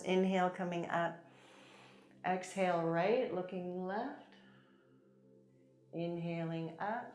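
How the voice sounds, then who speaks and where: A woman teaching a chair yoga class, gently guiding breaths and movements with encouragement and light laughs. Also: fairly low pitch. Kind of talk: guided yoga class instruction. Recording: echoey room with soft music. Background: soft background music.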